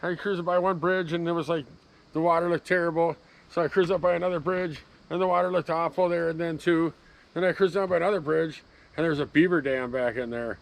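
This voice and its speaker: A man's voice: fairly high pitch, fairly even intonation, brisk, gravelly, low-quality recording. A man sitting in his parked truck, rambling through an easygoing, casual vlog outro. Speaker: fishing vlogger.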